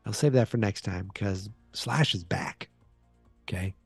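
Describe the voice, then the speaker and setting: A man's voice: fairly low pitch, measured pace, gravelly, darkish tone, slightly rough, dry recording, faint music behind. Playful Boston man hosting a podcast. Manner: rambling, self-deprecating, playful. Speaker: podcast host. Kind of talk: casual solo podcast chat.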